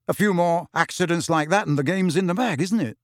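A man voicing a steady teenage boy who speaks firmly and bracingly. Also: sits high, fairly quick, no room sound, pitched above the performer's own voice, close to an everyday voice. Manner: firm, bracing.

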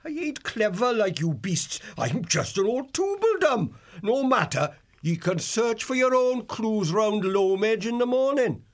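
A chatty old dormouse who loves his food, rambling along in a rustic country dialect. His voice sits high and drawls slowly, with an odd, strained timbre well apart from the reader's usual deep tone. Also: very animated. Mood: folksy. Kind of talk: audiobook character voice.

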